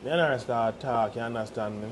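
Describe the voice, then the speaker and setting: A man's voice: mid-range voice, a little fast, a little hiss or hum. A young Jamaican man telling a loose, laughing story in patois. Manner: laughs often while telling, lively and loose.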